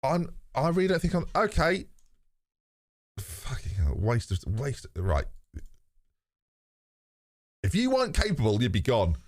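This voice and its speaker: Male streamer, mid-pitched, very expressive, casual and sweary, dry close sound. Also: no room sound. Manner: animated, talks to chat, swears casually. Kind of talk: live gameplay commentary.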